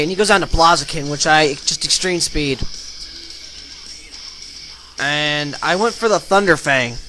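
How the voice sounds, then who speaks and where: A young man narrating his online game battles as a channel host, energetic and breaking into loud excited shouts. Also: fairly high pitch, poor audio. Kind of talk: excited battle commentary over gameplay video. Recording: voice-over with faint background music.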